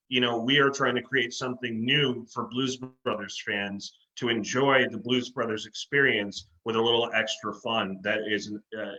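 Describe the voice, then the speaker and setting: A man with a bright, forceful voice tells stories about his band with plenty of enthusiasm. The recording sounds slightly muffled and lo-fi. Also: on the low side. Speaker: tribute band singer. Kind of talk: casual interview chat.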